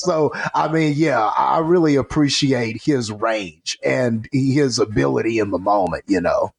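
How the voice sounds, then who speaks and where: Gravelly-voiced male podcast host. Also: medium pitch. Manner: measured and appreciative, with frequent "you know". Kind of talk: casual interview chat.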